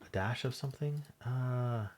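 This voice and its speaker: A man thinking aloud as he solves a crossword, muttering in halting self-talk with half-voiced asides. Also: mid-range voice, a little mellow, slight background noise. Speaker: crossword solving channel host. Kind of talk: thinking aloud while solving a puzzle.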